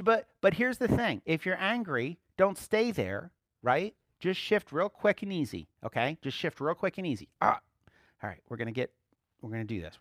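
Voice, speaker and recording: A man's voice: fairly high pitch, fairly bright tone, dry recording, studio quality. A man preaching a sermon in a conversational way, often checking in with his listeners and rising to emphatic bursts. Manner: frequent rhetorical check-ins. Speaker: pastor.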